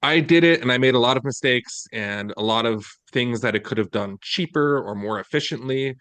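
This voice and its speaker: A man's voice: mid-range voice, normal speed, fairly bright tone, no echo. A man, an author, talking casually in an interview in a friendly, helpful way.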